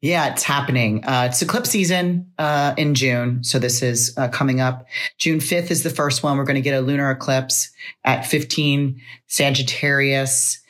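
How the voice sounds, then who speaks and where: Low-voiced woman astrologer co-host. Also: fairly even intonation, normal speed, fairly bright tone. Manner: chatty and heartfelt, explains astrology. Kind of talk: casual podcast chat.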